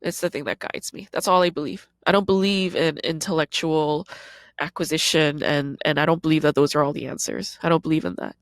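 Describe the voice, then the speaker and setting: A woman's voice: low-pitched, steady tone, brisk, no echo. Woman in her 30s talking straight into the mic, super blunt and sweary, dry close sound. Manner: blunt, profane and raw. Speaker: podcast host and comedian. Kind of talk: confessional monologue.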